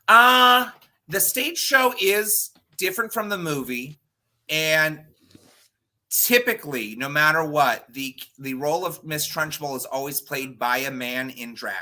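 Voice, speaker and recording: A man as a guest drag performer and cosplayer, in casual interview chat, animated and chatty with quick asides. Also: on the high side.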